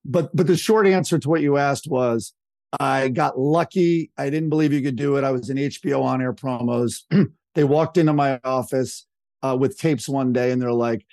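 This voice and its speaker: A man in his fifties telling stories as a podcast guest, lively and casual, acting out what others said. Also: mid-range voice, moderate pace, no room sound. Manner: animated storyteller, acts out quotes in a raised voice. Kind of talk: casual storytelling chat.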